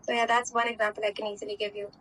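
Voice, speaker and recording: A woman's voice: medium pitch, flat delivery, very fast, a bit bright. Chatty Pakistani English woman, far off. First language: Urdu. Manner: chatty, many fillers and "right?" tags. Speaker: interviewee. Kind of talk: casual interview answers. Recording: distant mic with faint background hum.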